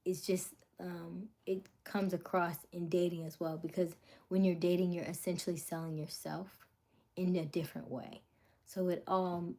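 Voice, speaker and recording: Young woman, livestream host, slightly low pitch, loose chatty delivery that keeps slipping into whispers. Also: darkish tone. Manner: rambling, many fillers, drops to whispers and back. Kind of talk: casual livestream chat.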